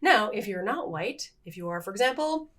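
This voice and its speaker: A middle-aged woman with a medium-pitched voice, speaking at normal speed, co-hosts a podcast. She chats casually and animatedly, laughing at her own slip-ups in a self-deprecating way.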